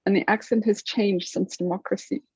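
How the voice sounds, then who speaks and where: A husky South African woman with a British-tinged accent, speaking in a chatty way on a video call. Her voice is dry and close, with slightly dull audio. She often repeats a word before getting going. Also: mid-range voice, steady tone, fairly quick, darkish tone, no echo. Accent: older British-style South African. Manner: chatty, repeats words when starting. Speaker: branding firm member. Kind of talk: networking meeting talk.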